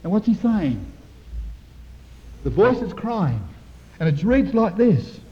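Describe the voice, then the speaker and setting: A man preaching a sermon, explaining Bible verses and often addressing his listeners as brethren and sisters, moving between quiet reflection and loud emphasis. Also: high-pitched, big pitch swings, takes it slowly. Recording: dull, lo-fi recording in a reverberant hall.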